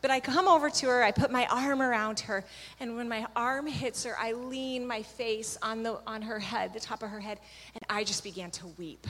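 A woman's voice: fairly high pitch, fairly even intonation, normal speed, a bit bright. Earnest woman telling a testimony in a hall. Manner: earnest, vivid storytelling that acts out what each person said. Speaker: speaker sharing a testimony. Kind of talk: spoken testimony to a gathering. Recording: long hall reverb.

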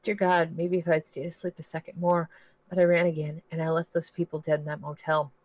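A man's voice: a little high, completely flat delivery, fairly quick, no echo, natural voice, poor audio. A man reading as a haunted war veteran. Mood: desperate. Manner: hushed, then desperate.

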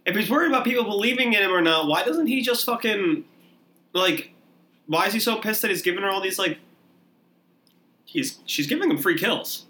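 Brief: man podcast co-host, high-pitched, sharp tone, rapid disbelieving questions. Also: animated. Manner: quick incredulous questioning, profane. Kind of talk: casual movie chat.

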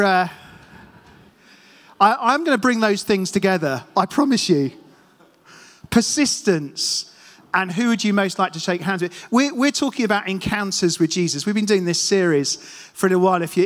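Chatty male preacher with a high voice. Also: a bit bright. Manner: chatty, self-deprecating storyteller, talks to the congregation. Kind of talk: casual sermon with anecdotes. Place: church hall. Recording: long hall reverb.

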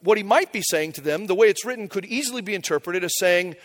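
A man preaching a sermon in a relaxed, conversational way, telling a story with humor. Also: sits high, fast talker. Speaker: pastor.

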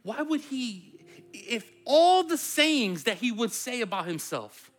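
Lively, animated pastor preaching. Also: medium pitch, takes it slowly. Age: adult parent. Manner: conversational, playful preaching. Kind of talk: sermon.

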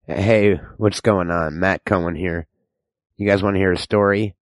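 A man's voice: sits low, fairly even intonation, normal speed, no echo. A man telling a rambling comic story as an ad read, stammering and mock-somber. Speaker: comedy ad reader.

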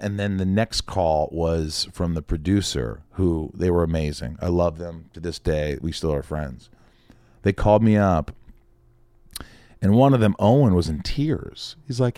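Guy on a podcast spinning a yarn, low voice, jumps into other people's voices a lot, swears, dry close sound. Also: measured pace, warm tone, no echo. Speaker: podcast guest, actor. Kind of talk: animated storytelling with acted-out quotes.

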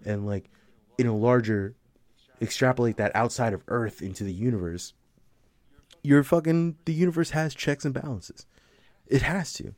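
A man's voice: mid-range voice, moderate pace, long pauses, a little mellow, no echo. A young man in casual conversation, rambling and swearing, with lots of fillers and frequent laughter. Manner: profane, rambling, laughs often, filler-heavy.

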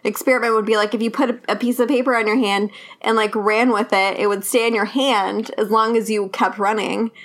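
A woman's voice: medium pitch, fairly even intonation, fairly quick. A woman guest on a podcast, chatting casually, rambling with lots of fillers and frequent laughter. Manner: giggly, rambling with many fillers. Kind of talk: casual chat.

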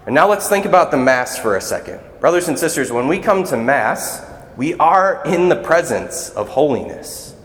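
A man's voice: a little high, sing-song, moderate pace, a bit bright. A man serving as a deacon, giving a conversational, earnest sermon in a church. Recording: echoey church hall.

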